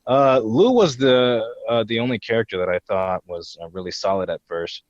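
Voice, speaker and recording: A young man in his twenties talks in a low voice, hesitating often with "uh" and "um". The sound is slightly dull and very dry, like a home mic. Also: moderate pace, dry recording. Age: 20s. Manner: hesitant, many fillers, slips into character voices. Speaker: guest voice impressionist. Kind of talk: podcast interview.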